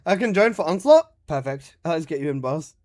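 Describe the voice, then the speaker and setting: High-voiced young man chatting on stream. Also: lively intonation, moderate pace, darkish tone. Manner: reads chat aloud and answers with swearing and laughs. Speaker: game streamer. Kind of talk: casual live-stream chat.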